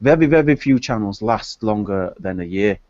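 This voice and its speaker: A man's voice: fairly low pitch, expressive, normal speed, darkish tone, dry recording. A man in a casual group chat, opinionated and hesitant, often repeating his words. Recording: dull lo-fi online call audio.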